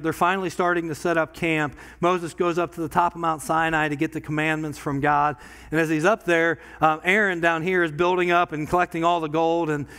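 A pastor preaching a sermon in a church, talking conversationally and swinging from quiet asides to loud bursts. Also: male voice, fairly high pitch, smooth. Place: church sanctuary.

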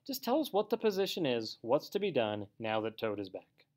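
A man's voice: mid-range voice, big pitch swings, brisk, darkish tone, close to an everyday voice. A man playing a sensible but anxious storybook rat who fusses and pleads, his voice rising and falling. A careful riverbank animal.

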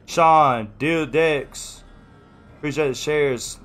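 A man's voice: on the high side, slow, fairly bright tone. A man chatting casually on a live stream, rambling, flustered and apologetic.

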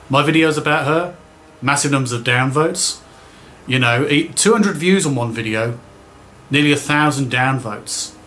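Man, mocking commentary, mid pitch, faint noise behind. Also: fairly bright tone. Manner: sarcastic, dismissive. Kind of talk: critical commentary.

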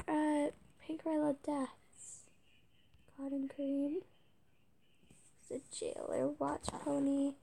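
A woman playing a video game, reading its text aloud haltingly and muttering whispered asides between stumbles. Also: sits high, little pitch movement, gravelly, warm tone. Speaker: let's-play gamer.

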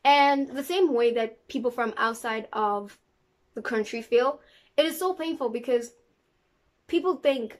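A young woman from South Africa talking casually to camera in a sassy, animated way. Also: unhurried. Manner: sassy and animated, talks with big pitch jumps. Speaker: vlogger. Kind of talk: casual vlog talk to camera.

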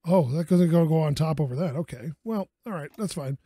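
A man's voice: a little high, fairly quick, mellow, no room sound. A man giving casual commentary over a game, muttering to himself and talking to the parts he works on, with exasperated outbursts and self-soothing. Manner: talks to the game objects. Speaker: gaming YouTuber.

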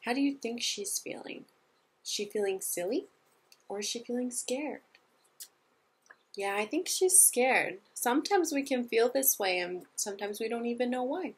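A woman teacher giving a gentle, patient lesson to young children, asking them simple questions. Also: fairly high pitch, lively intonation, moderate pace, slightly rough.

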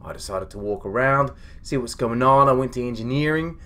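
A foul-mouthed male starship captain rants in a web comedy log, acted by a man in his everyday voice. He rambles, swears freely and stays indignant about everything around him. His voice sits at a middle pitch. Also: brisk, pushed and bright, close to an everyday voice. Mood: grumbling. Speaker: comedy web series creator.

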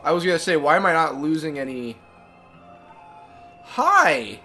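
A man's voice: on the high side, fast talker, sharp tone, soft background music. A man giving casual let's-play commentary, rambling and correcting himself as he goes. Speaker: gaming streamer.

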